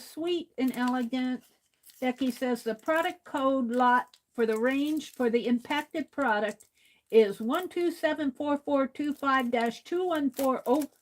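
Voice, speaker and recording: High-voiced, unhurried woman livestreamer. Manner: chatty, reads viewer comments aloud, laughs easily. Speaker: art livestream host. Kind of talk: casual livestream chat while drawing.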